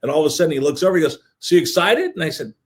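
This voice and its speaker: A man with a fairly high voice talks quickly as a podcast host. He is an animated storyteller who acts out the lines of the people in his anecdotes. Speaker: podcast host, executive producer.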